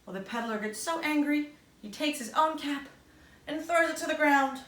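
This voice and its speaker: A woman's voice: high-pitched, moderate pace, a bit bright, reverberant, far from the mic. A woman hosting children's story time, encouraging the kids directly as she leads an act-out.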